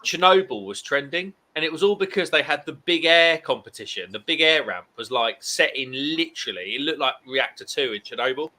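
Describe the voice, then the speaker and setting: A man's voice: a little high, lively intonation, fairly quick, hardly any pauses, bright, forceful tone. A man in his thirties co-hosting a casual late-night live stream chat, reading viewer comments and ranting animatedly.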